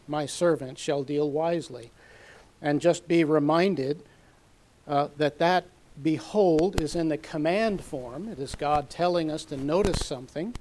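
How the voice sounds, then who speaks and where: A man teaching a sermon from a Bible passage, measured and methodical, reading scripture aloud with emphasis. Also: fairly high pitch, a little mellow. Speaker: preacher.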